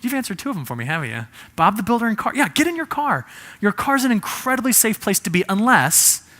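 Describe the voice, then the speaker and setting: Jokey man presenting with bright voice. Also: sits high, very animated, fast talker. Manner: jokey, quizzes audience with shows of hands. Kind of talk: humorous presentation to an audience.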